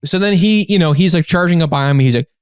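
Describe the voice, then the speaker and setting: A man, a guest comedian, telling a story in casual podcast chat, rambling and animated with lots of filler words. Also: fairly high pitch, fast, clear, resonant tone, dry recording, clean studio sound. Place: living in a big city.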